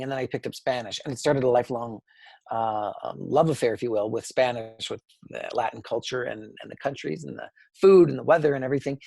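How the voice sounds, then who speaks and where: A Canadian man, an interview guest, telling personal stories in an animated way and acting out quoted dialogue. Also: mid-range voice, gravelly, breathy edge, dry recording, clean studio sound. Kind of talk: conversational storytelling.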